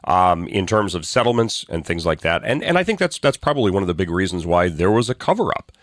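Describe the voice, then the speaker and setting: A man co-hosting a political talk show, ranting in a blunt and sarcastic way and often restarting his sentences. His voice is very deep but jumps around widely in pitch. The sound is dry and close. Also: sing-song, fast talker, dry recording. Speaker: co-host.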